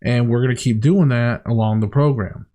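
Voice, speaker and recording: Regular guy rambling on his diet vlog, open and heartfelt, mid pitch voice. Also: normal speed, dark tone. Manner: candid, rambling, heartfelt, many restarts. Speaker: weight-loss diary vlogger. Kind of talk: casual diet vlog to camera.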